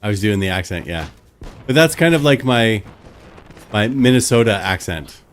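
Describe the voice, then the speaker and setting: A man with a fairly low voice, chatting loosely with his stream viewers. He rambles from one story to the next with lots of "like" and "you know" along the way. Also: animated, normal speed. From Canada. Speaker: live streamer. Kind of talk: casual chat with stream viewers.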